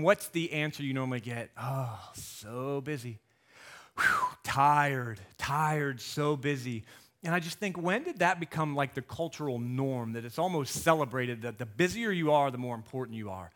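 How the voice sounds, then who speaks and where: A man preaching a sermon as pastor, animated and jokey, getting loud for emphasis. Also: a little high.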